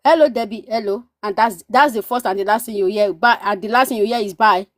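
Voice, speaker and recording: A Nigerian woman appears as a guest on a live stream, animatedly telling stories in casual chat and repeating phrases for emphasis. Her voice is medium-pitched and steady, her pace quick, and the recording carries no room sound.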